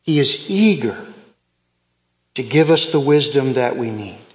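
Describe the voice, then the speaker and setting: A man's voice: mid-range voice, lively intonation, unhurried, in a large hall. A man preaching a sermon as pastor, emphatic and repeating key phrases for effect.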